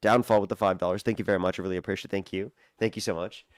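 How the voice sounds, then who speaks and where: A young man hosting a live debate stream, talking casually and thanking donors in a quick, repetitive run. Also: low voice, steady tone, dry recording, studio quality. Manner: rapid-fire, repetitive thank-yous to donors. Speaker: livestream debate host. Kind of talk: casual livestream talk.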